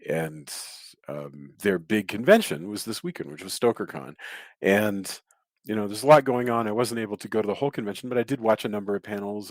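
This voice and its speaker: A man hosting a podcast, talking in a relaxed, casual way. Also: sits low, dry recording. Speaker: podcast host. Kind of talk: casual chat.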